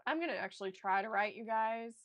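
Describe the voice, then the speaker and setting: A young woman author chatting casually to her stream viewers, telling an animated, gushing story with restarts. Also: a little high, fast, muffled recording. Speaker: author streaming a writing session.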